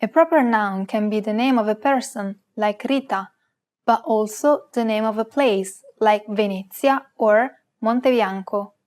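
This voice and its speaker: A woman co-hosting a language lesson, reading a script and saying example words slowly and carefully. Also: on the high side, darkish tone. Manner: slow, careful, precise pronunciation of example words.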